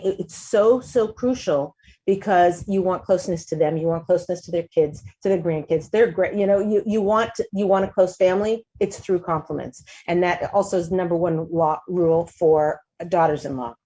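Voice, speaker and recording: The talk show host, a woman, gives relaxed, lively advice, frequently breaking off and beginning sentences again. She acts out quotes by lifting her voice higher.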